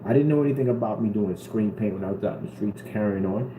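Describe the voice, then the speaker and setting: Earnest rambling man, fairly low voice, roomy room with background hum. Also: fast talker. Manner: earnest and rambling, repeats himself. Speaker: vlogger. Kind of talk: casual talk to camera. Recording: roomy with steady background noise.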